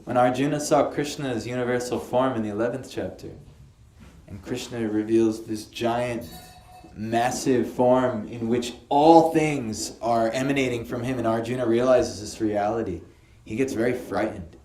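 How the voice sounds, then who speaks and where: Lively man teaching in an echoey room. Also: medium pitch, moderate pace, slight background noise. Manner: lively, asks the audience questions. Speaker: spiritual teacher. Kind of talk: lecture on scripture to a small group. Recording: echoey room, faint ambience.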